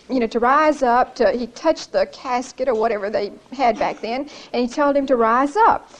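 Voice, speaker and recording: A woman's voice: high voice, low-quality recording. A woman giving an informal Bible study in a church, earnest and conversational, often repeating her phrases.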